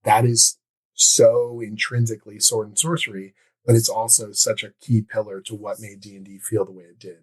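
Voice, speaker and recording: A man who writes comics speaks as a podcast guest in a fairly low voice. He sounds eager and engaged, chiming in readily to agree with the host. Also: little pitch movement, husky, poor audio. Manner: enthusiastic, quick to agree. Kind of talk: casual interview chat.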